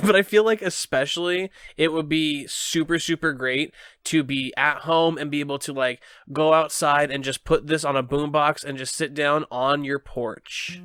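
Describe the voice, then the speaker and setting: A man hosting a casual music podcast, talking in halting phrases with many restarts. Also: a little high, a bit bright, smooth, no room sound, studio quality. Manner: hesitant, lots of filler restarts. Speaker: podcast host. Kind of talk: casual chat.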